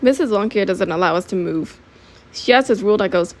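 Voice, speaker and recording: A woman's voice: mid-range voice, expressive, a little fast, darkish tone. Teen girl, reads her own story aloud, loose and offhand, laughs at her own jokes. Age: teens. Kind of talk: casual amateur audiobook reading.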